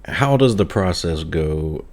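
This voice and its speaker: A man hosting a casual interview, relaxed and quick to laugh. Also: sits low, crowd noise. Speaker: podcast host.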